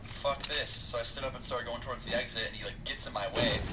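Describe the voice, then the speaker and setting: A young man rattles through a story at high speed, cursing freely and cracking jokes as he goes. His voice sits at an ordinary middle pitch. Steady background noise runs under the recording. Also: quick pace. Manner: profane, rambling, joking. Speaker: storytime vlogger. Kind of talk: casual storytelling.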